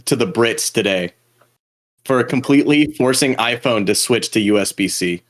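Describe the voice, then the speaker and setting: A man's voice: medium pitch, animated, normal speed. A young man with a slight lisp, co-hosting a podcast and teasing his friends in casual chat. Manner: teasing, joking. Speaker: podcast co-host.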